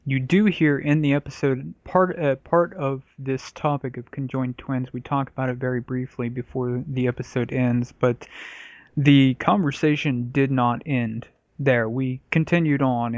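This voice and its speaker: A man's voice: mid-range voice, fairly even intonation, a little slow, darkish tone, no echo, highs cut off. Profane laughing man hosting a podcast. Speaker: podcast host. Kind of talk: crude casual podcast chat.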